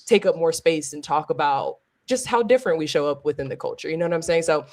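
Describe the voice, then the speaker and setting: A woman with a fairly low voice on a podcast panel. She speaks in a thoughtful, searching way, with the odd casual curse word. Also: quick pace, a little mellow.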